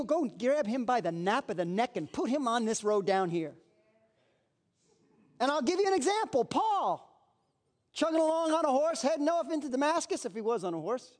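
Very high-voiced male preacher. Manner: lively preaching, acts out voices. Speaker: pastor. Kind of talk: sermon.

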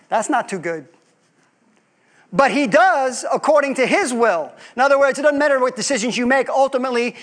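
A man's voice: very high voice, fairly bright tone. A man preaching a sermon as pastor, asking his congregation rhetorical questions and acting out quoted voices.

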